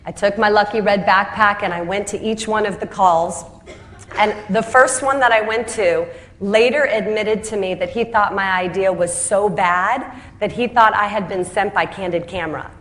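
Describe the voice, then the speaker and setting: With a medium pitch and moderate pace, a female founder recounts her journey in an animated, self-mocking talk. She imitates the voices of those she quotes and chuckles at her own jokes.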